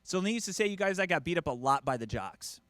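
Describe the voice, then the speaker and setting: In a comedy routine, a middle-aged American man speaks quickly in a slightly high voice, with no echo around him. He brings his family to life animatedly, voicing them in quotes.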